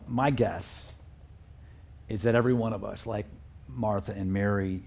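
A man's voice: fairly low pitch, a little mellow, slightly rough. A man preaching a sermon as a pastor, talking in a conversational, earnest way with fillers and chuckles.

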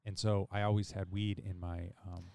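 A man's voice: sits low, little pitch movement, moderate pace, vocal fry, a little mellow, smooth. A man hosting a podcast, telling a long story in casual chat, laid back and rambling, with restarts and swearing. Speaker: podcast host.

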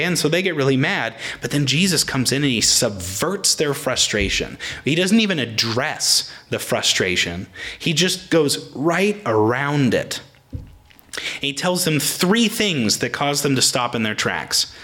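Bright-voiced man preaching casually. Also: a little high, very animated, unhurried. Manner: casual, plain-spoken, with frequent restarts. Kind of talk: conversational sermon.

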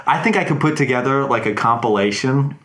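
A man's voice: mid-range voice, a little fast, fairly bright tone. A man co-hosting a podcast, chatting casually about a movie, hedging and restarting his sentences. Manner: hesitant, hedging, many restarts. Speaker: podcast co-host.

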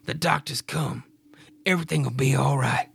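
A man playing a stern, superstitious farmer husband with a gravelly voice and a put-on Scottish accent. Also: mid-range voice, normal speed, exaggerated voice. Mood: earnest. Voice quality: gravelly, raspy.

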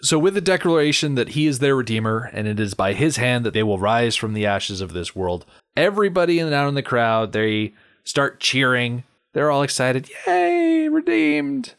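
A man's voice: medium pitch, a bit bright. A man co-hosting a casual movie podcast, explaining background at length and acting out scenes. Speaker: podcast co-host.

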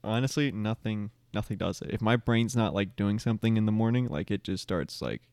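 Young guy on a podcast, kinda low voice, messing around, super dry close mic. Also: a little fast, darkish tone, no echo. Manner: joking, playfully stubborn, laughs often. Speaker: podcast co-host. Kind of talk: casual chat.

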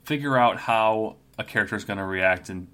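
A man's voice: lowish voice, brisk, a bit bright, clear, resonant tone. A man in casual podcast chat who plans a tabletop character eagerly and laughs readily. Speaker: podcast co-host building a character. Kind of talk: casual chat about tabletop game planning.

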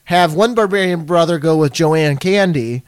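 A man with a somewhat high voice, recorded close and dry. He fires off quick wisecracks in casual chat and laughs a lot. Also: clear, resonant tone, no room sound. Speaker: podcast co-host.

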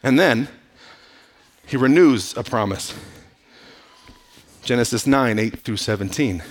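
A man preaching a sermon, swinging from loud, emphatic lines to hushed asides and playful, casual quotes. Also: medium pitch, takes it slowly. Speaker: pastor.

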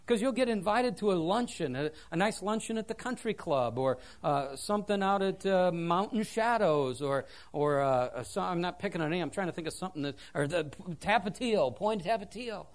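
A man preaching a sermon in church, telling stories with a self-deprecating, animated manner. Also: high-pitched, brisk, few pauses. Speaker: pastor.

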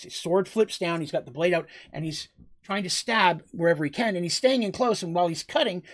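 Brief: tabletop game master, mid-pitch voice, vivid play-by-play of a fight, restarts phrases as he goes. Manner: vivid, blow-by-blow combat storytelling with frequent restarts. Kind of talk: improvised narration of a tabletop game.

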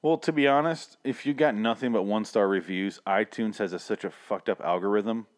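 A man co-hosting a podcast in a casual, profane chat, rambling and laughing often, his throat irritated so he keeps clearing it. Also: on the low side, brisk. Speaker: podcast co-host reviewing other podcasts.

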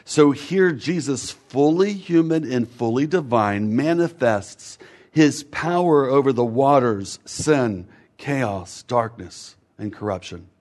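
Slow, measured male preacher. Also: mid-range voice, expressive, a little mellow. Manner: measured, with rhythmic lists that fall away at the ends. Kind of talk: sermon.

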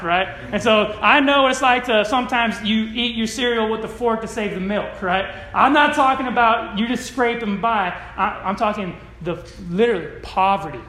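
A male pastor from California delivers a casual sermon with a high, light voice. He keeps it conversational and checks in with his listeners constantly. The room rings with echo around him. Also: bright, forceful tone. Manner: conversational, tag questions "right?" often. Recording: echoey room.

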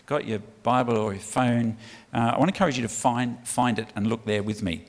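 A British man delivers a church sermon at a fairly quick clip, his mid-range voice holding a steady tone. His style is conversational and punchy, and he coaxes the congregation into answering back. The long reverb of a large hall surrounds the recording.

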